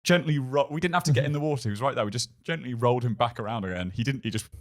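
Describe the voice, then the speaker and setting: A man's voice: mid-range voice, racing. A man, a podcast guest, telling a funny story in casual chat. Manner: animated, acts out shouted quotes.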